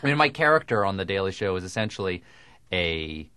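A middle-aged man from the American South with no Southern accent, talking in a dry, deliberate way with crisp diction in an interview. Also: deep voice, sing-song, bright, forceful tone, no echo. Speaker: comedian guest. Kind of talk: radio interview conversation.

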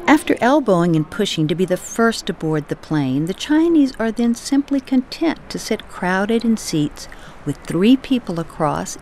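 A woman from the United States reading her own personal essay as scripted narration, in a measured, storytelling way. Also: medium pitch, darkish tone, a little hiss or hum.

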